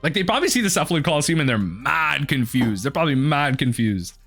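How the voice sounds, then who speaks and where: A man commentating his own card game match for a video, muttering quietly at times and then bursting into excited yells. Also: fast, faint music behind. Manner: mutters low then erupts into excited yelling. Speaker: gaming video host.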